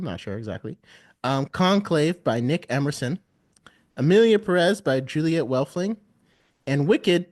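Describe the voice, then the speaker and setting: A podcast host talks through his picks in a relaxed, animated way, laughing often. His voice sits a little high for a man. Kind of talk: casual chat.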